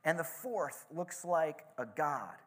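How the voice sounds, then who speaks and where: A man voicing an astonished ancient king who shouts in amazement. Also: fairly high pitch, takes it slowly, heavily acted. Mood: astonished shouting. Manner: loud, excited exclamations.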